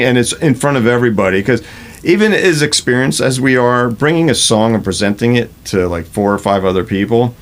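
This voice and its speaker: In a casual interview, a man in his fifties who plays rock music recounts studio anecdotes, talking fairly quickly in a mid-range voice. Swearing comes easily to him, and he performs the quoted exchanges as he tells them.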